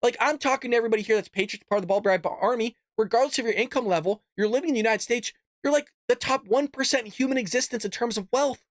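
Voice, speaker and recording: A man's voice: very high-pitched, fast talker, few pauses, no room sound, studio quality. A man hosting a political commentary show, ranting bluntly and cussing. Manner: blunt, fired-up, cusses. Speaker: host.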